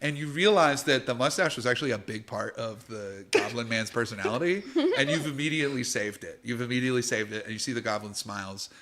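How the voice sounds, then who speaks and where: A man's voice: medium pitch, quick pace, few pauses, fairly bright tone, a little hiss or hum. A man narrating as game master of a tabletop game on a livestream, in a playful way with frequent laughter.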